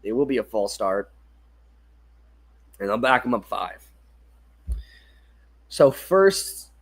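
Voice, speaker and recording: A young man with a husky mid-range voice gives casual fan play-by-play for a football livestream. He yawns from tiredness, frequently corrects himself, and apologizes for his mistakes.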